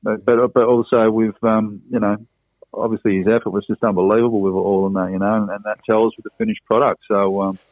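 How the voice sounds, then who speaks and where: A man's voice: fairly low pitch, little pitch movement, a little fast, no room sound. A man chatting casually as a podcast guest, rambling and circling back on himself. His voice comes through a thin, phone-like line with a dry, close sound. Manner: rambling, full of "you know" and "and that", restarts. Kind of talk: casual chat.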